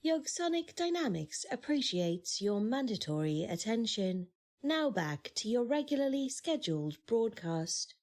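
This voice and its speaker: A man's voice: very high-pitched, very animated, a little slow, voice pushed up, exaggerated voice. A man voicing a sinister tech company's announcement, mock-polite and official.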